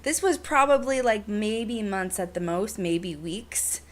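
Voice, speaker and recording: A woman hosting a podcast, telling a story in casual chat, animated and full of "like" and "you know". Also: mid-range voice, slow. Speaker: podcast host.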